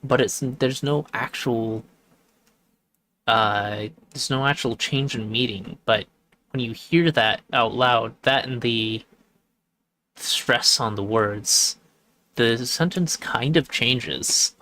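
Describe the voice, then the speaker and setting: A man streaming a game who thinks aloud in casual commentary and pauses often. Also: mid-range voice, bright, forceful tone, a little hiss or hum.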